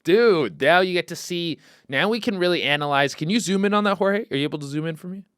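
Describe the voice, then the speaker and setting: A man hosting a comedy podcast, rambling and swearing freely, with loud excited outbursts. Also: high voice, fast, smooth, no room sound, clean studio sound. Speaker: podcast host. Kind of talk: casual comedic podcast chat.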